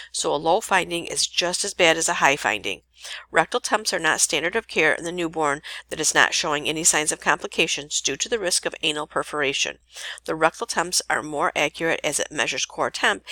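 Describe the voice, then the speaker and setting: A woman nursing instructor reading a lecture podcast in a steady way, now and then correcting herself mid-sentence. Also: deep voice, no echo.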